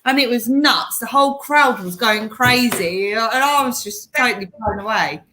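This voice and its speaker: A woman's voice: fairly high pitch, moderate pace, bright, forceful tone, a little hiss or hum, low-quality recording. A woman, chatting casually and chiming in on a live stream. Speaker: co-host. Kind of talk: casual chat.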